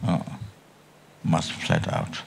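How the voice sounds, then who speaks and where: An older man who teaches Buddhism gives a dharma talk at a retreat. He speaks haltingly, restarting often and letting phrases trail off, and he coughs and clears his throat frequently.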